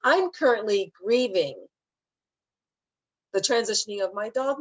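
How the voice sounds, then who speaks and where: A middle-aged woman speaking as a spiritual teacher, talking gently and emotionally about grief and often repeating her phrases. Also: mid-range voice, lively intonation, measured pace, no echo, poor audio. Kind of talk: heartfelt talk on grief.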